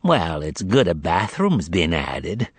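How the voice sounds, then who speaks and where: A man's voice: lowish voice, very animated, measured pace, dry recording. A man voicing a male demon henchman with a nasal twang. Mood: mocking.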